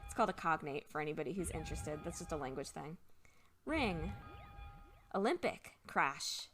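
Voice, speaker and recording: A young woman talks through a game at her home computer, chatty and thinking aloud as she checks a dictionary. Her pitch jumps around a lot, with a faint bit of game music underneath. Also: animated, normal speed, a bit bright. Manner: chatty, thinks aloud while looking words up. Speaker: let's play host. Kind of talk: casual game commentary, explaining Japanese words.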